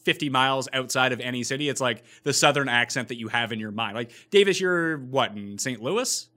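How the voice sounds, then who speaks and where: A Canadian man hosting a casual podcast chat over a remote mic, chatty and quick to ask his co-hosts questions. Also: mid-range voice, sharp tone. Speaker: podcast host.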